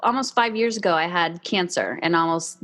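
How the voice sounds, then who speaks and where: A woman's voice: on the low side, a little fast, a bit bright. A woman hosting a casual podcast interview, speaking openly about her own experiences. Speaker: podcast host.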